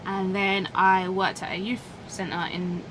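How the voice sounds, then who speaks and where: A woman telling a lively story as a guest in a taxi, acting out the voices of the people she met. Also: mid-range voice, measured pace, noisy background. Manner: animated, acts out quoted voices, says "innit". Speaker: guest passenger. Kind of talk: casual storytelling chat. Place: inside a taxi.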